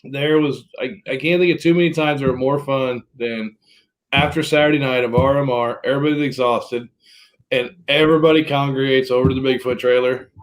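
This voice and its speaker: A man's voice: medium pitch, steady tone, brisk, poor audio. A man hosting a podcast, joking and eager as he chats. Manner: enthusiastic, joking. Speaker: podcast host. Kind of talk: casual podcast chat.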